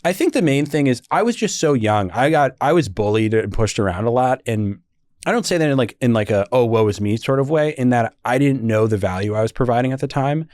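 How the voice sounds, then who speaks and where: A young man recounts stories to a podcast host, talking casually and animatedly, laughing often and piling up fillers. His voice sits at an everyday middle pitch. The sound is dry and close, with no room echo. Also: animated, a little fast, a little mellow. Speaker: podcast guest. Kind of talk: casual storytelling interview.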